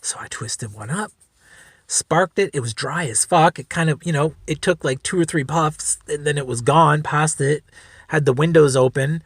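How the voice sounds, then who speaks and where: A man's voice: on the high side, normal speed, slightly rough, dry recording, studio quality. A man hosting a solo podcast, telling a story in a rambling, laid-back way, swearing freely. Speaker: podcast host. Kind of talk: casual storytelling.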